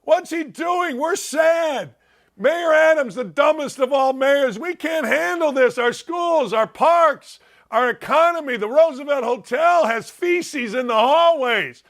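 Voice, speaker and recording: Mock impression: a man doing a shrill male activist, shouting, gravelly, whiny outrage. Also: a little slow, heavily acted. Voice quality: shouting, indignant.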